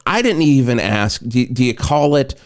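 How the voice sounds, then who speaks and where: A man's voice: mid-range voice, lively intonation. A man co-hosting a comedic morning radio show, teasing and riffing on his guest. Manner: teasing, reactive, quick to riff.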